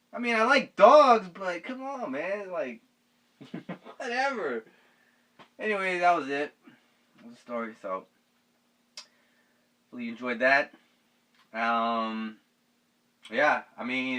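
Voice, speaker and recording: A man's voice: on the high side, animated, unhurried, long pauses, bright, forceful tone. A young man telling a story casually to his viewers, slangy and swearing, laughing at his own tale. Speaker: vlogger. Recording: voice a bit far from the mic.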